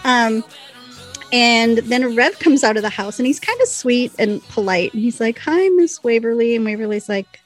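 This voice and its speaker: Animated woman retelling a show episode. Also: fairly high pitch, moderate pace, no room sound, faint music behind. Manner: animated storytelling, acts out lines. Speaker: podcast co-host. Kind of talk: casual recap chat.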